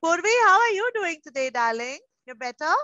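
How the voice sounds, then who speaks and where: High, bright-voiced teacher on a video call. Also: female voice, sing-song, brisk, no room sound. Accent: Indian English. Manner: coaxing, affectionate, calls children darling. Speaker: pre-school teacher. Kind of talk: online class with young children. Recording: muffled video call audio.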